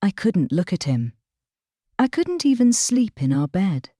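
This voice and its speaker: Woman reading a storytime script, slow and measured, low mellow voice. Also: very animated, no room sound, clean studio sound. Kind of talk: scripted first-person storytime narration.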